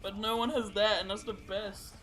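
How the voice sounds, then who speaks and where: Rambling high-voiced podcast guy. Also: little pitch movement, normal speed, fairly bright tone, soft background music, low-quality recording. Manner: rambling, swears often, laughs while telling stories. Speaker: podcast co-host. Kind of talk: casual chat.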